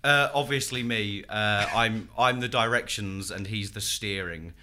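A man's voice: on the low side, a little slow, noisy background. A man telling an improvised comic story, hesitant and full of fillers and laughs. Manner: rambling, hesitant, laughing often. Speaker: comedy game player.

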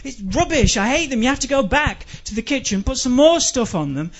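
A man's voice: extremely high pitch, sing-song, fairly quick, highs cut off. A man doing a stand-up comedy rant, exasperated and swearing as he complains.

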